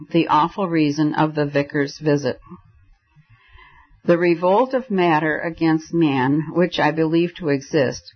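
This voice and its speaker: Man narrating an old story, lo-fi. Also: on the high side. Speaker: audiobook narrator. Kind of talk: scripted narration.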